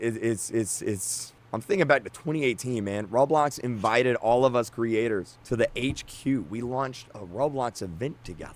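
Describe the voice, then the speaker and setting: A young man, a game creator, giving a frustrated, emotional rant that is full of restarts and stammers. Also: mid-range voice. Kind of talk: on-camera rant.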